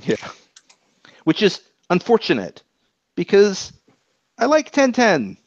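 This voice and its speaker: A man co-hosting a podcast, chatting casually about anime episodes in an animated, rambling way and swearing freely. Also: sits high, slow. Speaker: podcast co-host. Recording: dull lo-fi podcast audio.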